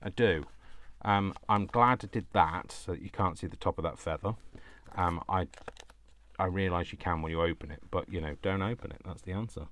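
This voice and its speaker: A man who talks fast and loud, chatting to himself by name while making crafts. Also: sits low. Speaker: crafting channel host. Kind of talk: casual chat while crafting.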